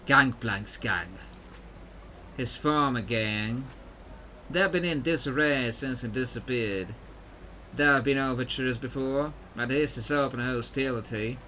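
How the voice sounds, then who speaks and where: A man's voice: mid-range voice, measured pace, pushed and bright, a little hiss or hum. A man voicing a confident woman pirate captain with a put-on Southern belle accent, reading game dialogue aloud with determination. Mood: determined.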